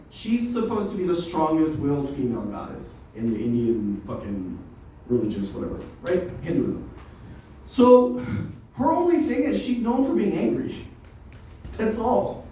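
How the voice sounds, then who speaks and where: At a comedy open mic, a young man with a high, slightly mellow voice riffs through an unrehearsed set of stories laced with swearing and laughter. Slight background noise and heavy room echo come through, since he's recorded from afar.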